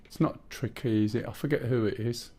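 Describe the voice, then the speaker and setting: A man's voice: mid-range voice, brisk, mellow, breathy edge. A man streaming a flight sim, chatting with opinions and explaining his helicopter controls step by step. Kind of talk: live gameplay commentary.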